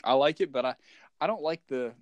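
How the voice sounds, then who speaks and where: A man's voice: mid-range voice, brisk, no room sound, muffled recording. A young man co-hosting a casual chat, swearing freely, repeating himself and laughing often.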